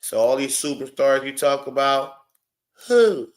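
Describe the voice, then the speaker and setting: A man hosts a reaction show and argues straight back at a clip. His voice sits at an ordinary middle pitch. He is blunt, mocking and profane, cutting in with sharp questions. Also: moderate pace. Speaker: show host reacting to clips. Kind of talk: heated reaction commentary.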